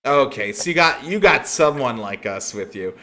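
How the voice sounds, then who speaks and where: A man plays a cocky, menacing crime boss in a tabletop game, mocking and swearing freely. The voice sits at an ordinary middle pitch with a bright, forceful edge that leans into the sneer. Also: animated, moderate pace. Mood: smug.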